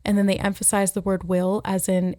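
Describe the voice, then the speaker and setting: A woman's voice: mid-range voice, flat delivery, brisk, warm tone, no room sound, studio quality. A woman giving an intuitive tarot reading, musing aloud and relaying messages as she receives them. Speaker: tarot reader. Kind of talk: intuitive card reading to camera.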